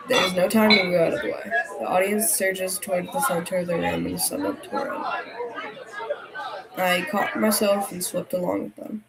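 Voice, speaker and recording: A woman streamer reading a story game aloud, breaking off into animated outbursts and jokes to her chat. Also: lowish voice, moderate pace, rough recording. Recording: game music and crowd sounds behind the voice. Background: game music and tavern crowd noise.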